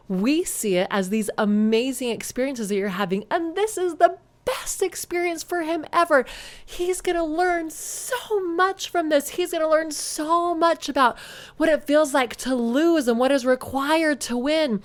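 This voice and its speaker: A woman voicing a joyful, kind male angel who explains things in an excited, reassuring way. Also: high voice, voice pushed up.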